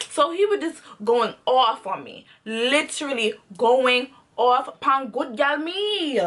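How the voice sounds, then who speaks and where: A young woman vlogger telling a storytime in an animated, expressive way. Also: high voice, normal speed, few pauses. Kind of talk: storytime vlog.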